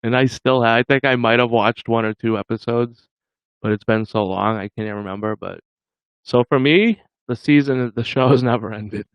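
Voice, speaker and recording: A man's voice: mid-range voice, normal speed, clean tone, dry recording, dull audio. A man hosting a livestream, chatting casually with viewers in a rambling way and chuckling often. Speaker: livestream host.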